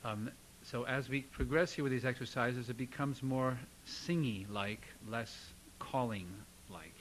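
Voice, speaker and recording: A man teaching a belting lesson, energetic and calling out exercises to demonstrate. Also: medium pitch, a little slow, a little hiss or hum, poor audio. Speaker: singing teacher. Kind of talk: vocal coaching lesson.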